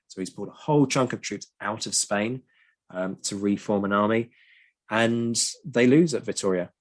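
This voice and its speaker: A man explaining history in a casual chat, lively and prone to ranting. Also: fairly low pitch. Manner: lively, ranting, frequent ums. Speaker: podcast co-host.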